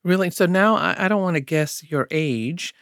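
A male radio co-host asks his guest chatty questions, peppered with "you know". His voice sits somewhat high and sounds close and dry in the studio. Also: normal speed, a bit bright, dry recording. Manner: conversational, filler "you know".

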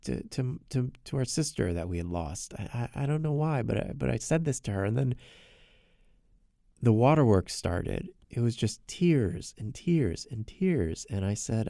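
Gravelly man telling a personal story. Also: mid-range voice, expressive, moderate pace, dark tone, no room sound, studio quality. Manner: earnest, repeats words when emotional. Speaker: podcast narrator.

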